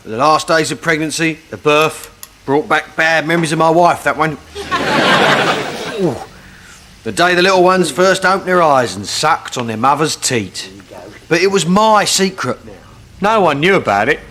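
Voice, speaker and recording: A middle-aged English man playing a blustering pub landlord in a sitcom, given to shouting outbursts. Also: on the high side, big pitch swings, measured pace. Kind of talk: sitcom acting. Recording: sitcom audio with loud background noise and audience laughter.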